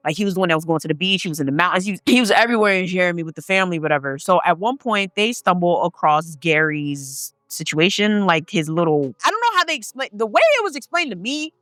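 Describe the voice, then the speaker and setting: A woman's voice: on the low side, expressive, fast, hardly any pauses, a bit bright, dry recording, clean studio sound. A woman telling a paranormal story in a casual, chatty way, swearing freely and talking straight to her viewers. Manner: chatty, profane, addresses the viewers directly.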